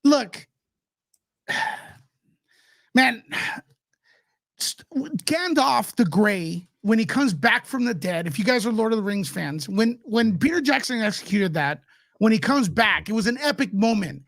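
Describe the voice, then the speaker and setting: A man's voice: high voice, expressive, measured pace, gravelly, long pauses, fairly bright tone, no echo, clean studio sound. A man who is a guest commentator in a casual podcast chat, ranting with passion and frustration.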